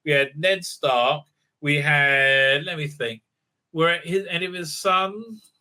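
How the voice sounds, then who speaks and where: A man's voice: a little high, slow pace, bright, forceful tone. A man giving a casual, rambling spoken review full of fillers and restarts, acting out lines from the show as he goes. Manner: rambling, many fillers and restarts, acts out quotes. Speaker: video reviewer.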